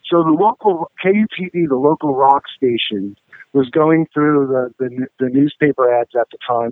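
Heard over a tinny phone line with no echo, a male rock musician in a mid-range voice and at normal speed swaps rambling, profane anecdotes full of fillers with a casual interviewer.

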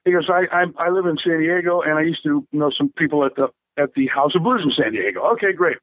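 A man with a high, light voice tells long rambling stories, chuckling and tripping over his words as he goes. It sounds like an older musician on a tinny, boxy phone line. The sound is close and completely dry. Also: quick pace, no echo. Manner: rambling anecdotes with frequent laughs and restarts. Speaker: rock drummer interviewee. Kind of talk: casual storytelling interview.

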